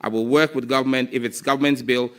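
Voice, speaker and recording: A man's voice: mid-range voice, fairly even intonation, fast, fairly bright tone. A Ghanaian man answers questions at a parliamentary hearing, speaking into a desk microphone. He states his position firmly and declaratively. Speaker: ministerial nominee. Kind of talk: formal testimony at a hearing.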